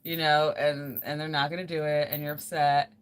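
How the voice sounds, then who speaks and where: Low voiced woman crafting on stream, rambly and earnest, says like a lot. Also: flat delivery, normal speed, clear, resonant tone. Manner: earnest, rambling, many fillers. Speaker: livestreamer. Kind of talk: casual livestream chat.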